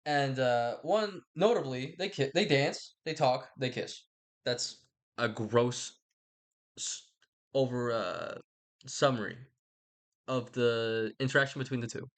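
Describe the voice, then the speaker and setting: A man talking through a story in a loose, meandering ramble. He drops slang and the odd swear, and he keeps backing up to rephrase. His pitch sits in the middle range for a man. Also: slow. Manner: meandering, self-correcting, slangy and irreverent. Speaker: video essayist. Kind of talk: rambling casual commentary.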